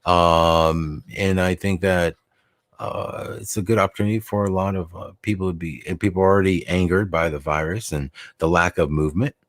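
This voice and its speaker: Man, very low voice, casual host, rambling, fillers, dry recording. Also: steady tone, normal speed, dry recording. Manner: rambling, many fillers and restarts. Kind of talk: casual conversational talk.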